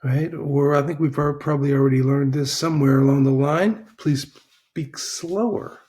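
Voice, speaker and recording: A man's voice: mid-range voice, level tone, warm tone. A man teaching a recorded language lesson, patient and repetitive, often checking in with "right?". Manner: slow, patient, repeats phrases, checks in with "right?".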